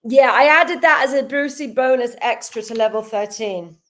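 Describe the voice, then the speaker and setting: A woman chats on a podcast, telling a story with plenty of laughter. She slips into acted-out bits of dialogue as she goes. Her voice sits a little higher than most women's. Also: moderate pace. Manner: animated, laughs often, acts out quoted dialogue. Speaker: healer guest.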